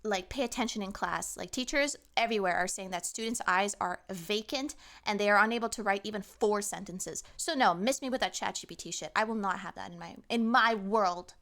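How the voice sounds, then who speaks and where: A woman's voice: medium pitch, a little fast, hardly any pauses, fairly bright tone. A woman from Canada, a streamer ranting sarcastically in a casual chat stream from home.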